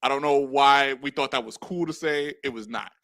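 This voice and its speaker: A man co-hosts a wrestling chat, blunt and exasperated, repeating himself for emphasis. His voice is bright and forceful, recorded close and dry. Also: mid-range voice, moderate pace, no room sound. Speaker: podcast co-host. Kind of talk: casual wrestling review chat.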